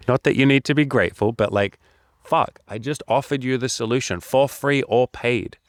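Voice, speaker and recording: A man's voice: medium pitch, unhurried, no room sound, studio quality. A man talking as a life coach, blunt, profane and preachy as he lectures his viewers. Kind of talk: direct-to-camera coaching talk.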